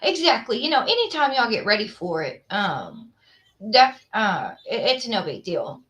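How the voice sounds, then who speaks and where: In a sing-song, fairly bright voice of medium pitch, a woman talks at normal speed while hosting a livestream. She rambles in casual conversation with her live viewers, filling it with fillers.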